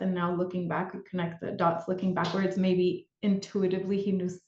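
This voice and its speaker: Woman telling her story in a roomy space. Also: mid-range voice. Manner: candid and reflective, with fillers and restarts. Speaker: podcast guest. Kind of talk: personal storytelling in conversation. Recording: roomy, dull lo-fi sound.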